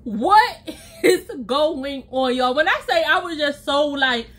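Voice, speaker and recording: A woman vlogger telling a story in a casual storytime style, lively and chatty, calling her viewers y'all and honey and acting out what people said. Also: high-pitched, takes it slowly. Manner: animated, addresses viewers as y'all and honey, acts out quotes.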